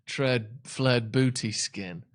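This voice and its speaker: Give me a rambling, jokey man at mid pitch, casually co-hosting a match watchalong. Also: slow pace. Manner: rambling, jokey, searches for words. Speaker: watchalong co-host.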